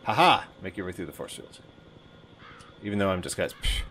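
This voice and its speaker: A man's voice: deep voice, very animated, a little fast, bright, forceful tone, slight background noise. A man giving casual, jokey commentary while playing an online game, with mock-dramatic outbursts and swearing.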